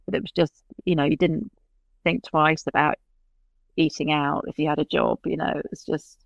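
In a casual podcast interview, a British-accented woman chats away as the guest, laughing often and trailing off mid-sentence. Her voice is low and gravelly with a level tone at normal speed, recorded with no echo and the highs cut off.

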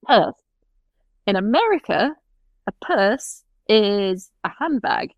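Woman chatting, slow and laughy, makes fun of herself, dry close sound. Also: medium pitch, very animated, no echo, highs cut off. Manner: laughs often, self-mocking. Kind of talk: casual chat.

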